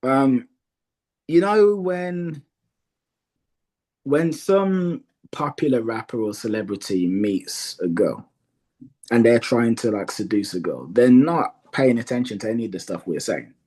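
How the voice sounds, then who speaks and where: A man guesting as a dating coach on a podcast, calmly explaining his view with examples. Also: medium pitch. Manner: measured, explains by example with acted quotes. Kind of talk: casual podcast conversation.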